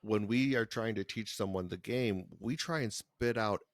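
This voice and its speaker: His voice sits on the low side and moves at a moderate pace as he co-hosts a podcast. The casual chat rambles with frequent restarts, captured in studio quality without echo.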